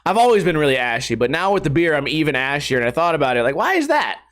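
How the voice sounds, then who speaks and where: A man's voice: on the high side, very animated, quick pace, fairly bright tone. A young adult man ranting on a casual podcast, profane and exasperated, putting on mocking voices when he quotes people. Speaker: skateboarding YouTuber.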